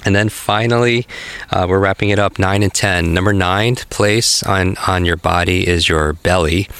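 A man guiding a memory exercise in an upbeat, encouraging way and telling lively stories. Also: low voice, moderate pace, smooth, dry recording. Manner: energetic, encouraging, animated storytelling. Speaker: memory coach guest.

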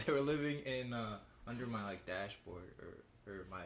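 A man's voice: mid-range voice, expressive, normal speed, slight background noise. A young man, a podcast host, telling a long story in casual chat, rambling, with lots of "like", swearing and laughing as he goes.

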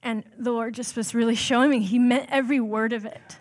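A woman's voice: on the high side, fairly even intonation, fairly quick. Chatty, self-deprecating woman preaching. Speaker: church staff member preaching. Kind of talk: conversational sermon.

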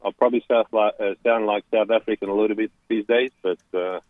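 A man with an Australian accent, calling in to a radio chat show and talking haltingly with many fillers and restarts. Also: on the low side, steady tone, no room sound. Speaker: caller. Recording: tinny phone line.

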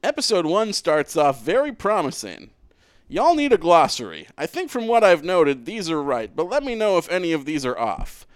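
Lively, clear-voiced Canadian man. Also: a little high, moderate pace, no echo. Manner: reads emails aloud with dry asides. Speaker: podcast co-host reading listener mail. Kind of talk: casual podcast banter.

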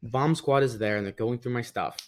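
A man's voice: medium pitch, fairly quick. Man telling a school story. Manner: animated, mimics people with raised voice, laughs often. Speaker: podcast guest. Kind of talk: casual storytelling. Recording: rough audio.

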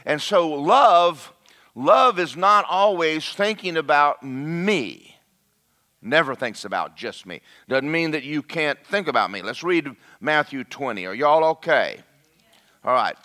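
Male preacher, brightish higher voice, conversational sermon delivery. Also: slow. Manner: lively, conversational, talks directly to the congregation.

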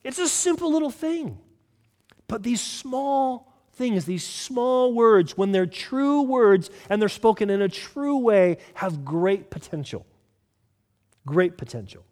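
A man from Southern California preaching a sermon as pastor, earnest, swinging between loud emphasis and soft, slow asides. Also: high-pitched, expressive, big-room sound.

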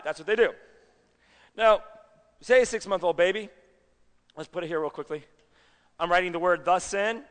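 A man preaching a sermon in a chatty, animated way, often checking that his audience is following along, in a church sanctuary. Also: high-pitched, big-room sound. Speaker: pastor.

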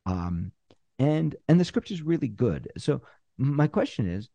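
A man teaching screenwriters how to pitch, acting out both sides of a pitch meeting and pausing on purpose. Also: very animated, vocal fry, warm tone, no room sound, lo-fi sound. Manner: uses deliberate pauses. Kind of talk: instructional talk.

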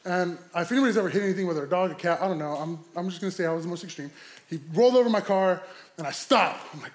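A young adult man, a pastor, telling a comic story in a sermon, animated and laughing as he goes. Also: high voice, quick pace. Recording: echoey hall.

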